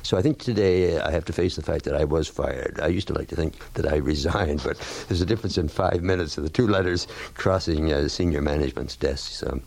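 Brief: older male broadcaster, husky and low, wry storyteller who animates quotes. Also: a little fast, hardly any pauses. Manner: wry, animated when quoting others. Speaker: veteran radio broadcaster guest. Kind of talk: anecdotal storytelling.

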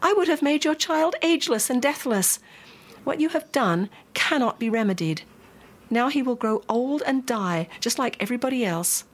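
A woman voicing a wrathful, majestic goddess mother, speaking in high, cutting outbursts. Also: brisk, hardly any pauses, close to an everyday voice. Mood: furious.

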